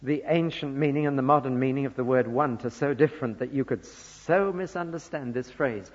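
A man from northern England preaching a sermon, earnest, moving between soft asides and loud emphasis. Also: medium pitch, fairly quick. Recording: dull lo-fi recording with long church reverb.

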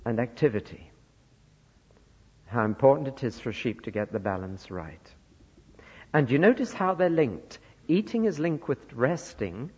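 A man from northern England preaching a sermon, earnest, moving between soft asides and loud emphasis. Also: mid-range voice, breathy edge. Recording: dull lo-fi recording with long church reverb.

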